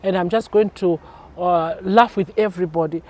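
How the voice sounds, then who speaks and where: A middle-aged woman pastor, teaching on a TV talk show, lively and laughing as she acts out quotes. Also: fairly low pitch, normal speed.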